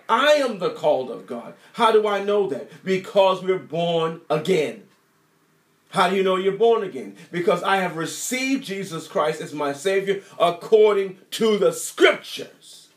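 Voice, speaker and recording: A man preaching a sermon in an emphatic, repetitive style, asking the congregation rhetorical questions. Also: sits high. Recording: echoey room.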